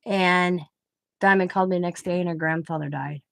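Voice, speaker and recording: A woman's voice: fairly low pitch, fairly even intonation, fairly quick, creaky, a bit bright, dry recording, low-quality recording. A middle-aged woman hosting a crafting live stream, chatting in a rambling, emotional way and trailing off mid-sentence. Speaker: craft channel host. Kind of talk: casual live-stream chat.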